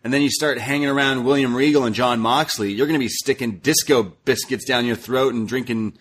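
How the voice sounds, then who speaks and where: A man's voice: medium pitch, fairly quick, a bit bright, a little hiss or hum. Jokey man recapping wrestling. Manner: loose, jokey, swears freely. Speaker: podcast co-host. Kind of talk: casual wrestling recap chat.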